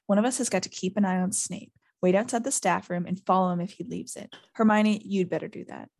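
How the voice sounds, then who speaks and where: A woman's voice: medium pitch, fairly even intonation, fast talker, creaky, a little mellow. A woman reading as a determined eleven-year-old boy, urgent and earnest.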